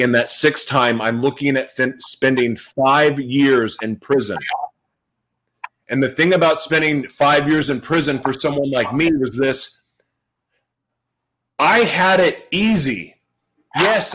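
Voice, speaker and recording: A man giving a personal testimony speech to an audience, earnest and emotional, repeating phrases for emphasis and dropping to a hush at tender moments. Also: fairly high pitch, low-quality recording. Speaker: motivational speaker sharing his life story.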